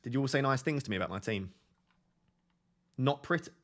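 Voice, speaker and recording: A man's voice: mid-range voice, animated, brisk, a bit bright. A man hosting a casual fantasy football live stream, reading viewer comments aloud and joking and laughing with them.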